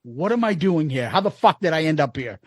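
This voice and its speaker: A man in his fifties tells a rambling, foul-mouthed story on a podcast, laughing often and acting out the other people's lines. His voice sits high for a man, and the recording is dry and close with no room around it. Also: big pitch swings, brisk, slightly rough, no echo. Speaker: podcast co-host. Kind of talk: casual storytelling chat.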